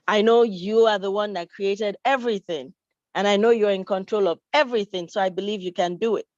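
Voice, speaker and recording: Played by a woman, a hungry, faithful woman pleads earnestly with God in a slightly lowered voice. The recording is dull and dry. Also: a little fast, a little mellow, no echo, lightly acted. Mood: pleading.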